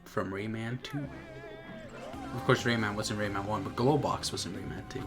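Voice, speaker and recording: A man's voice: fairly low pitch, normal speed, over music. A man giving casual, joking commentary while streaming a video game. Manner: chatty, laughs at own jokes, nostalgic.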